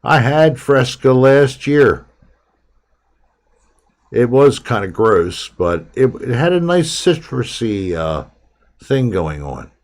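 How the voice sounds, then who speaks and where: A man's voice: mid-range voice, sing-song, slow pace, long pauses. A man hosting a live stream, chatting casually and rambling from topic to topic with his viewers.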